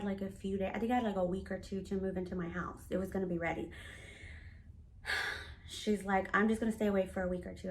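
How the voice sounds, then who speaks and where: A woman's voice: medium pitch, fairly bright tone. A woman in her thirties candidly recounting a family conflict in a personal vlog, acting out the quoted dialogue with animation. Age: 30s. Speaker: vlogger. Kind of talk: personal storytelling to camera.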